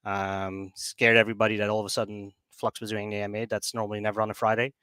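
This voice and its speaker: A man's voice: fairly low pitch, level tone, quick pace, bright, forceful tone, smooth, dry recording. A man on a remote call, explaining things as a business developer in a casual chat, with many fillers and restarts. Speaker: guest, project business developer.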